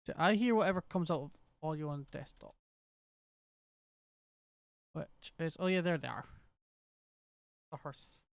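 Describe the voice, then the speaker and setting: A man's voice: fairly high pitch, a little slow, gravelly, pauses often, dry recording. Scottish man, game streamer, thinks aloud, casual, dry sound. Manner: rambling, thinking aloud while troubleshooting. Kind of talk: casual gameplay commentary.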